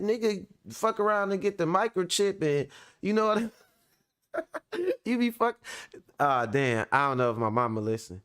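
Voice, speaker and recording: A young man hosting a reaction show, joking loosely and profanely as he comments on a clip. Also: high voice. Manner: profane, animated, laughing and joking.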